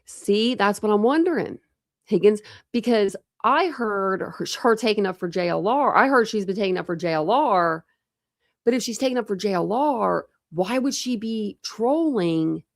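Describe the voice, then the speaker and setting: A woman's voice: medium pitch, animated, moderate pace, gravelly, no room sound, clean studio sound. A woman hosting a casual true crime livestream, rambling chattily with lots of fillers and restarts.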